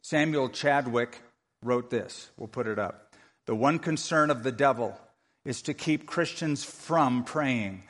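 A man preaching a sermon as pastor, lively and humorous, acting out other people's prayers to make his points. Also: medium pitch, takes it slowly. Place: church sanctuary. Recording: long reverb of a large hall.

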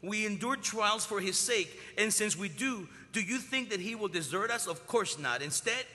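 Man in his sixties, preacher, bright forceful voice, slightly high, long hall reverb. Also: lively intonation, normal speed. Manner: dynamic preaching, swinging from loud to hushed. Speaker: pastor. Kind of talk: sermon.

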